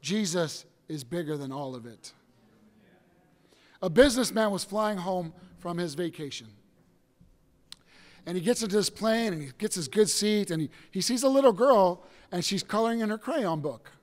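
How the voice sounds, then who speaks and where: A man preaching as pastor with a high-pitched voice, swinging between quiet asides and emphatic shouts as he acts out stories. His voice rings through a hall with a long reverb. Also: lively intonation, normal speed. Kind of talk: sermon.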